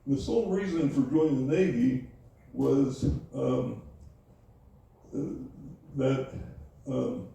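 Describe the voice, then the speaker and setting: An older man recalling his Navy years in an oral history interview, speaking haltingly with many fillers and restarts. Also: mid-range voice, vocal fry, dark tone. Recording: echoey room, voice from far off.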